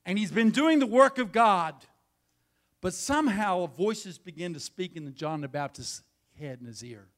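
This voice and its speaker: Man, pastor, sermon, high voice, repeats phrases, quiet then loud. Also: lively intonation, normal speed.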